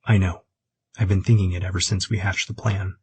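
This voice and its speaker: A man gives voice to an earnest young man who blusters yet doubts himself. The tone is low and husky, plain rather than showy. It is recorded dry and close. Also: level tone, fairly quick, a little mellow, no room sound. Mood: subdued.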